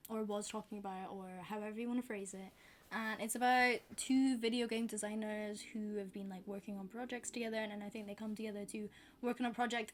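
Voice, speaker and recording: A British woman vlogging about books in a chatty, rambling, self-deprecating way. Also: on the high side. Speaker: book vlogger. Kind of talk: casual chat to camera.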